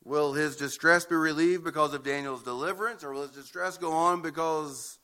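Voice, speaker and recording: Bright-voiced preacher man, emphatic. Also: on the high side, moderate pace. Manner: emphatic, repeats words when building a point. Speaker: pastor. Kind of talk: expository sermon.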